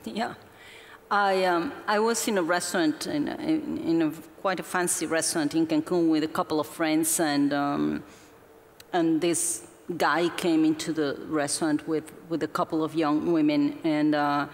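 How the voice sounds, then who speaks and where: A woman, a journalist guest telling her story onstage with earnest, halting restarts. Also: deep voice, fairly even intonation. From Mexico. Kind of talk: onstage conversation. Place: festival stage before an audience. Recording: hall reverb from a live event.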